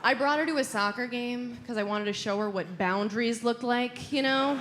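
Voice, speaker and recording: A woman doing stand-up on stage, brash and deadpan. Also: on the high side, moderate pace, hardly any pauses. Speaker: stand-up comedian. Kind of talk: stand-up comedy. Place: stage with a live audience. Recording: live stage recording with room noise.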